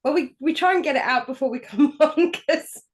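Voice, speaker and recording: A man's voice: very high voice, moderate pace. A man from southern England co-hosting a podcast, chatting casually and joking at his own expense. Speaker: podcast co-host. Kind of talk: casual chat.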